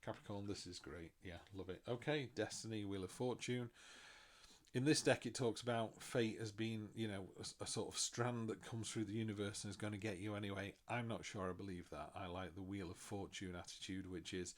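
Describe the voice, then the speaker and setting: Chatty middle-aged man, low voice. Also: brisk. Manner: chatty, self-mocking, animated asides. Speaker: tarot reader. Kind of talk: casual tarot reading.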